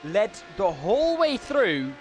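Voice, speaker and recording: Male co-caller, higher voice, dry teasing, faint noise under. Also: big pitch swings, takes it slowly. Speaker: sim racing co-commentator. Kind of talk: live race commentary banter.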